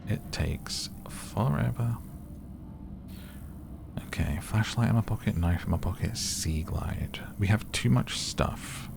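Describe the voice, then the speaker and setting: A soft-spoken man with a very low voice giving slow, rambling, gently amused commentary on a game to help listeners sleep. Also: gravelly, noisy background. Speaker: gaming ASMR host.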